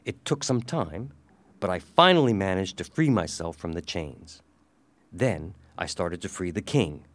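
A man reading a storybook aloud in a measured, expressive way. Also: on the low side, dry recording. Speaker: audiobook reader. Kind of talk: scripted storybook narration.

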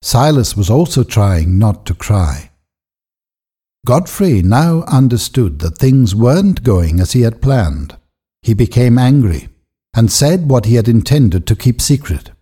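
A man narrates a storybook in a measured, expressive reading. His voice is slow, mellow and slightly husky. The pitch rolls up and down in lively arcs.

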